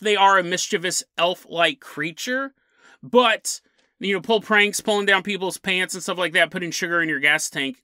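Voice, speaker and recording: A man's voice: sits high, pushed and bright, no echo. A man hosting a paranormal podcast, telling a story with lots of energy and chuckling mid-sentence. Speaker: podcast host.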